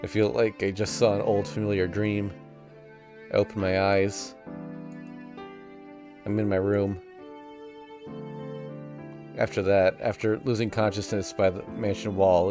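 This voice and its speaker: A man reading a visual novel aloud on stream, narrating casually in the first person. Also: fairly low pitch. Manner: casual first-person narration that voices sound effects playfully.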